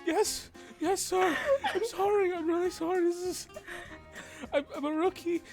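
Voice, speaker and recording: A man's voice: very high-pitched, steady tone, measured pace, gravelly, soft background music, pitched above the performer's own voice, full character voice. A man voicing a flustered young rookie guard who stammers and apologizes.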